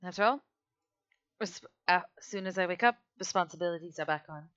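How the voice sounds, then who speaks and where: A woman's voice: on the low side, a little fast, fairly bright tone, dry recording. A woman narrating as game master of a tabletop game, speaking in character and laughing between lines. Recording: dull lo-fi dry sound.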